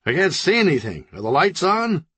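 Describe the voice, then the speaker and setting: A clueless ninja agent in a crime comedy audiobook, voiced high and whiny by a man. He fires off anxious, baffled questions, and his voice sits well above the reader's own. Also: very animated, normal speed, a bit bright, husky, dry recording, exaggerated voice. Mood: confused. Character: bumbling male ninja agent, blind in goggles.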